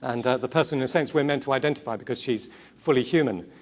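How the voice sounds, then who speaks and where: A man giving a sermon-style talk to a Christian gathering, earnest, asking rhetorical questions and repeating key words. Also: mid-range voice. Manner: quick asides and self-corrections. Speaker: conference speaker.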